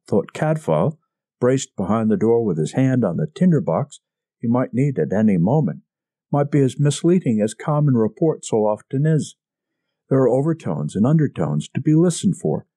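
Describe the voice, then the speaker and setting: A man reads a mystery story aloud in an expressive narrating style. His voice is mellow and warm with lively, varied pitch. The sound is dry, with no room echo. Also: moderate pace. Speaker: audiobook reader.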